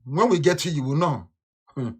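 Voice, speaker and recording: A man giving an impassioned political broadcast, fiery and scornful, repeating himself and bursting into shouts. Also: a little high, expressive, fairly quick, slightly rough. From Nigeria. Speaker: activist leader.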